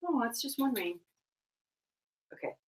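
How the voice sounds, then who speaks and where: A young woman co-hosting a casual livestream chat, rambling and giggling, getting loud and excited as she tells stories. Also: sits high, recorded from a distance. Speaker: livestream co-host. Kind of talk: casual chat while cleaning tack. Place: room at home. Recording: roomy echo.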